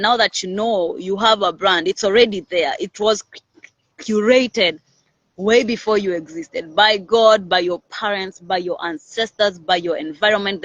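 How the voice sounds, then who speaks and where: Confident, energetic woman hosting a branding talk. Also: mid-range voice, no echo, highs cut off. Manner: energetic, confident, animated, with many "all right?" check-ins. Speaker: host of a personal branding series. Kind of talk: casual motivational talk to camera.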